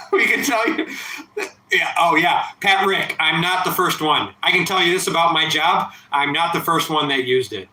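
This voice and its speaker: A man's voice: a little high, normal speed, sharp tone, roomy sound, slight background noise, poor audio. A man in his thirties streaming late at night, drinking and a bit tipsy, talking in a profane, rambling, defiant way. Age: 30s. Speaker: livestreamer. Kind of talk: casual late-night livestream chat.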